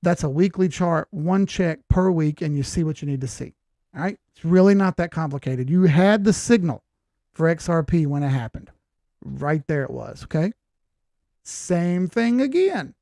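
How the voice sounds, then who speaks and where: A man's voice: fairly high pitch, lively intonation, moderate pace, vocal fry, mellow, no room sound, studio quality. A man in his forties hosting a crypto chart analysis show in a folksy, rambling, jokey way. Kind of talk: casual chart analysis talk.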